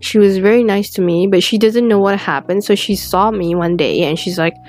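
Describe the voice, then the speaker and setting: A teenage girl telling a personal story in a rambling, halting way with many restarts, close to tears at times. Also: medium pitch, a little mellow, faint music behind. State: tearful at times.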